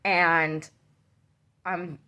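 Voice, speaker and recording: A young woman, a mother, telling a personal story to camera in a halting way, full of ums and you-knows. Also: fairly low pitch, little pitch movement. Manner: soft and subdued, rising when tense.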